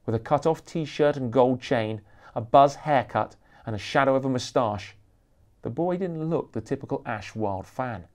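A man reading aloud from his own thriller novel, lively and expressive in his narration. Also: medium pitch, normal speed. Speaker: author reading his book.

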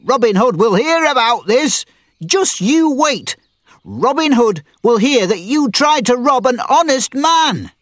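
A man's voice: very animated, unhurried, husky, no room sound, studio quality. Much, a man voicing a fiery young miller. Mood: furious. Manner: high-pitched, shouting when angry. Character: young male miller, bold and quick-tempered.

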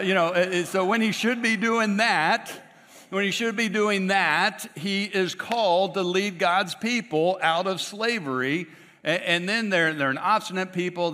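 In a church sanctuary thick with long reverb, a pastor gives a conversational sermon. His voice is high-pitched, bright, and forceful, and he keeps restarting and turning aside to address the congregation.

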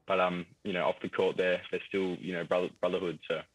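A man's voice: low-pitched, quick pace, dry recording, poor audio. A young Australian man with an Australian accent, chatting easily as an actor guest in a TV interview, laughing often. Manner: easygoing, laughs often, relaxed fillers. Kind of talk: casual TV interview.

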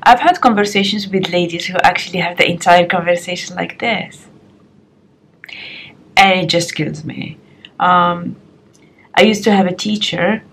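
A young woman does her makeup at home in a get-ready-with-me advice vlog, frank and chatty, captured by her compact camera's built-in mic. Her voice is on the low side, husky yet fairly bright, measured, with frequent pauses.

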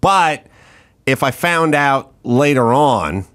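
Male podcast host, mid pitch with a very lively range, wry storyteller, casual chat. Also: takes it slowly, clean tone. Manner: wry, tells mock stories with jokey quoted voices.

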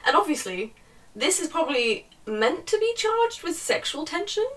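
A woman's voice: sits high, big pitch swings, normal speed, a bit bright, distant mic, poor audio. A young woman giving a casual, sarcastic book review, often laughing and swearing in exasperation.

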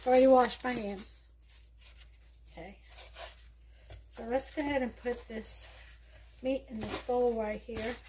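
A woman's voice: a little high, steady tone, unhurried, pauses often, mellow, slight background noise. A woman with a New York accent hosting a casual cooking demonstration in her home kitchen, chatting and thinking aloud with many fillers. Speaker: home cook host.

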